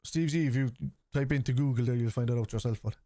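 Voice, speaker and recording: Fast and warm, the mid-range voice belongs to a fan channel host who reads viewer chat aloud during a live watchalong. His replies are blunt and casual, and he swears freely. The recording is studio quality, with no room sound.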